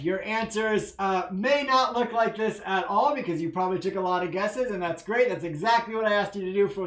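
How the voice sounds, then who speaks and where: Conversational seminary professor in an echoey room. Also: medium pitch. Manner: conversational, with frequent fillers and restarts; patient, repetitive teacherly explanations. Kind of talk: recorded video lecture over slides.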